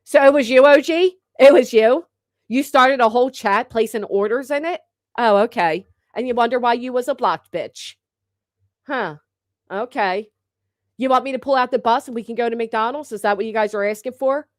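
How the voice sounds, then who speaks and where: A brash woman hosting a livestream banters casually with her chat, teasing viewers, chatting freely, and swearing often. Her voice is on the high side at a moderate pace, and the sound is dry with no echo.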